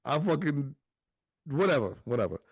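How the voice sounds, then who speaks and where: Animated, swearing male podcast host. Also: on the high side, moderate pace, breathy edge, no room sound, studio quality. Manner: animated, profane, acts out the voices in his story. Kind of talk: casual storytelling chat.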